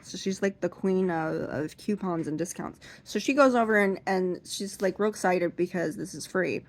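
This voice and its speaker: A young woman doing seated stand-up. She rambles through an anecdote with many restarts and fillers, and jumps into high, loud voices when she acts out other people. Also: moderate pace. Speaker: stand-up comedian.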